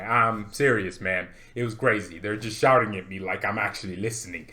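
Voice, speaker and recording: A man hosting a football fan channel, ranting excitedly to camera with jokes, laughs and repeated words for emphasis. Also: on the low side, fairly quick, hardly any pauses. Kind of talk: animated fan rant to camera.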